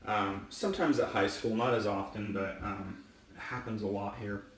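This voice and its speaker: A man's voice: lowish voice, fairly even intonation, moderate pace, far from the mic, a little hiss or hum. A man who works as a football referee, talking casually while shaving and getting worked up as he rants emphatically. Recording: echoey room, mic set back.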